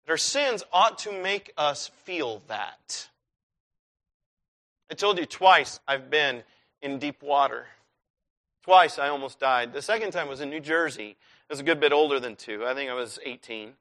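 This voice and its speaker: A man preaching a sermon, telling a personal story with lively swings from hushed to shouted. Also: a little high, a little slow.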